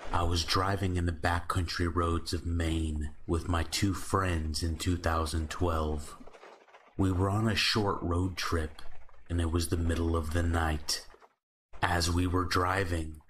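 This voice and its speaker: A man narrating horror stories in a slow, measured, calm scripted style. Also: low voice, a little hiss or hum.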